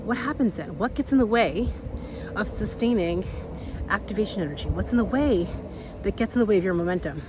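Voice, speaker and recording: A woman in her thirties with a slightly raspy voice, hosting an energetic motivational talk outdoors while a little out of breath from walking uphill. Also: mid-range voice, a little hiss or hum. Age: 30s. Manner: energetic, repeats key phrases, laughs often. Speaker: podcast host and coach.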